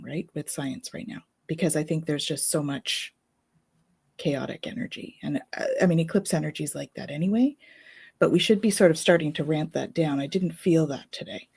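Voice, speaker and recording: A woman's voice: low-pitched, mellow, slightly rough. A woman co-hosting a live spirituality stream, chatting casually and giggling easily as she rambles. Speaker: co-host of a spirituality live show.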